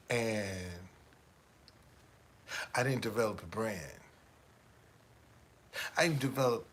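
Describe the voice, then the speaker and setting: A middle-aged man vlogging in a casual storytelling monologue, animated and streetwise, often restarting his sentences. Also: medium pitch, slight background noise.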